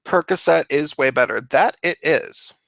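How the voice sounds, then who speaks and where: A man hosting a casual chat stream, telling stories in a rambling, halting way. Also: a little high, vocal fry, fairly bright tone, dry recording. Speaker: stream host.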